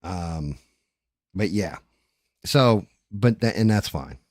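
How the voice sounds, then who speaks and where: Deep-voiced candid middle-aged man. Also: lively intonation, takes it slowly, darkish tone, no echo, clean studio sound. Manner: candid, profane, rambling. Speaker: streamer. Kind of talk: casual chat.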